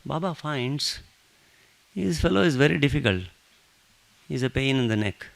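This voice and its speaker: A man leading a satsang, telling a devotional story with lively joking asides. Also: medium pitch, moderate pace, creaky. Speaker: satsang speaker.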